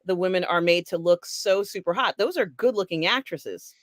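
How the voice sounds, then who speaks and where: A woman's voice: lowish voice, moderate pace, dry recording, studio quality. A woman co-hosting a casual pop culture chat, frank and chatty, laughing often and talking through lots of fillers. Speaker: co-host.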